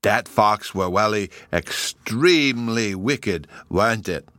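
A man voicing Bruno, a small excitable boy with babyish grammar, in a storybook reading. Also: fairly low pitch, slow, dry recording, full character voice. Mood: eager. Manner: eager, breathless.

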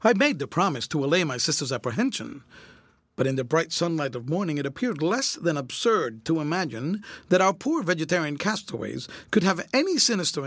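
A man narrating a classic novel aloud in a measured, clear storytelling manner. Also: fairly high pitch, fairly bright tone, dry recording. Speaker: audiobook reader.

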